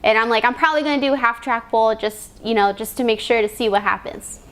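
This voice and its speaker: Laughing, animated young woman. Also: a little high, brisk. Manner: excited, laughs often, restarts sentences. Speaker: drag racing driver. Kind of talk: interview storytelling.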